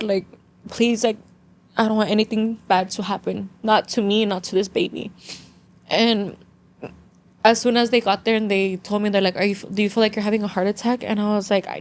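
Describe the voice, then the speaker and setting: A young adult woman guest, telling a story in casual chat, mixing English and Spanish, with many "like" fillers and an earnest, emotional tone. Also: mid-range voice. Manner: earnest emotional retelling, near tears. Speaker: podcast guest.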